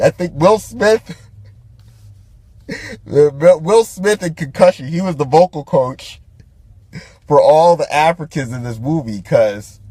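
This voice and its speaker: Guy podcast host ranting slow and profane, kinda high voice, dry close sound, keeps laughing. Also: dry recording. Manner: profane, laughing often, many restarts and fillers. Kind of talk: casual ranting commentary.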